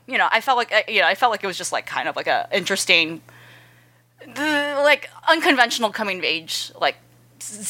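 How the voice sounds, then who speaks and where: A woman's voice: on the low side, pushed and bright. A woman in casual chat who rambles, full of fillers and restarts. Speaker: podcast co-host. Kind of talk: casual chat about anime.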